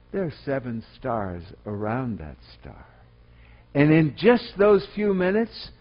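A male preacher delivers a sermon at an unhurried pace, his pitch rising and falling widely as he moves between forceful declarations and hushed storytelling. The recording sounds dull and lo-fi. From Colorado. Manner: emphatic, swinging from loud exhortation to quiet storytelling.

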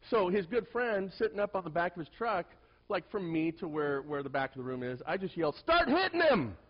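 A male pastor preaching to a congregation and telling personal stories, swinging from hushed asides to loud, animated bursts. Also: on the high side, brisk, dull audio. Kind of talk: sermon with personal storytelling.

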